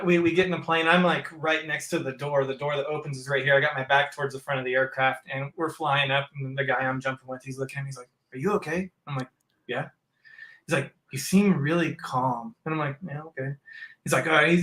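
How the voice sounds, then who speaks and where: Man from northern arizona, podcast host, bright tense voice, a bit high, echoey room. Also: flat delivery, fast talker. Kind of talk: casual chat.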